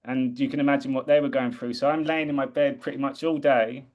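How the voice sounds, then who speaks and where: A man's voice: medium pitch, flat delivery, a little fast, muffled recording. A man from the UK talking earnestly and reflectively in a casual conversation, often restarting his sentences. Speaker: guest.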